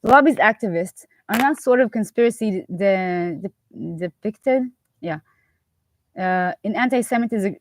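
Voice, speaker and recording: A young woman whose first language is Hebrew, speaking English with a mixed British, American and Israeli accent. She reads a text aloud haltingly, stumbling and restarting words, and chats casually between passages. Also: mid-range voice, no room sound.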